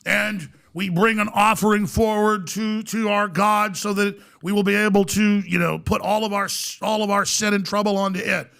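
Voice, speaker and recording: A man voicing a solemn robed high priest who intones a ceremonial summoning. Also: level tone, normal speed, gravelly, hardly any pauses, fairly bright tone.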